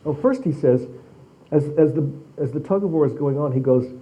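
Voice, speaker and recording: A man's voice: fairly high pitch, highs cut off. A man, an author speaking at a library talk, telling an anecdote with many restarts and repeated words. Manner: halting, repeats words as he talks. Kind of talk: anecdotal storytelling to an audience.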